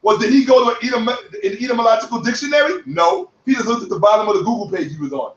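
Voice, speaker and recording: A man giving heated commentary on other online creators, boastful and profane, sometimes shouting. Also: very high-pitched, expressive, very fast. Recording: echoey room, distant from mic, dull audio.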